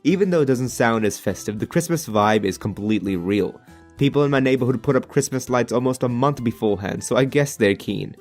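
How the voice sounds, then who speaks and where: An Australian man narrates a cartoon story in a jokey, sarcastic voice full of casual slang. His pitch sits in the middle of the male range. Soft music plays underneath him. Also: expressive, a little fast. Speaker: animated storyteller. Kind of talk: comedic voice-over narration.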